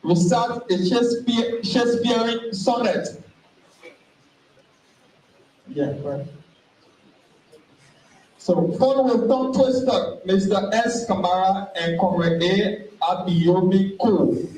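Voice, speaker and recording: A high-voiced man, the master of ceremonies at a university event, announces each item slowly and formally. He is picked up from a distance in a large echoing hall. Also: darkish tone. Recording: echoey hall, voice from far off.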